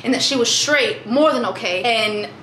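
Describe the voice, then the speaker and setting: With a fairly high, sharp-toned voice at a moderate pace, a young woman from Michigan, USA, vlogs casually and exclaims often as she talks to y'all. Faint background noise and room echo are present.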